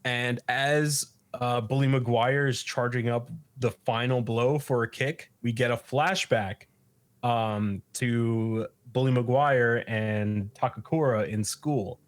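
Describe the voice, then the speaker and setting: A man's voice: medium pitch, fairly even intonation, slow. A man hosting a podcast, recapping an episode in a loose, profane way and laughing often. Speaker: podcast host.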